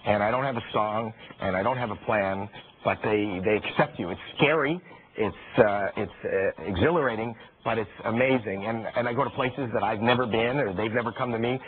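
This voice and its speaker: A middle-aged man, a comedian guest, telling a story with animated energy, stumbling over quick restarts and repeated words. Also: on the low side, slight background noise. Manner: stammering restarts, rapid repetitions. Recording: tinny phone-like radio broadcast with crowd.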